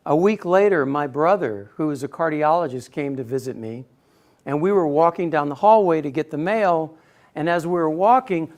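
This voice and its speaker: A middle-aged man telling a personal story in a speech to an audience, acting out quotes with sudden loud bursts. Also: a little high, moderate pace. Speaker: speaker giving a personal talk.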